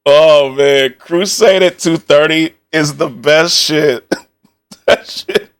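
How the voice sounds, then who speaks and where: A young male streamer laughing his way through casual reaction commentary, peppering it with swearing and jokes. His voice sits a little high for a man, and he talks in an unhurried, drawn-out way. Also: clean tone. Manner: laughing often, swearing, joking banter.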